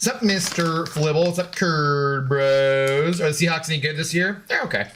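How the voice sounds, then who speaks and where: A man's voice: on the high side, unhurried, noisy background. A man streaming a game in casual, rambling chat, joking with his dog and greeting viewers.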